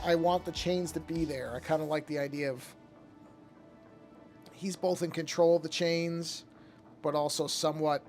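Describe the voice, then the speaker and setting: A man's voice: fairly high pitch, creaky. A middle-aged man chatting casually on a live art stream as he paints, thinking aloud with many restarts and yawning now and then. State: yawning often. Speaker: artist streaming his work.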